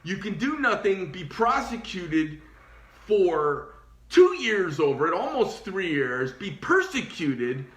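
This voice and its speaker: A man's voice: high voice, very animated, slow, a bit bright. A man who owns a knife company, telling a heated, profane story in a blunt ranting monologue. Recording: roomy echo.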